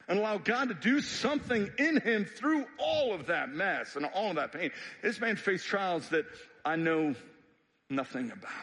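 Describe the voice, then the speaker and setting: A man preaching a sermon as pastor, conversational and emphatic, climbing into animated bursts. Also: mid-range voice. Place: church sanctuary. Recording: long reverb of a church hall.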